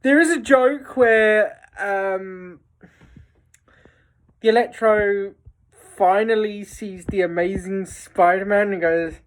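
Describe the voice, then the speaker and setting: A woman's voice: medium pitch, takes it slowly, long pauses. A woman giving a casual, enthusiastic spoken film review, rambling with lots of fillers and restarts.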